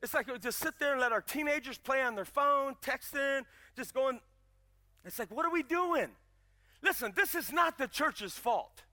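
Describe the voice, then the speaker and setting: A man's voice: very high-pitched, animated, normal speed, sharp tone. A man in his fifties preaching a sermon, telling stories with rising emphasis and building to emphatic calls. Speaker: pastor.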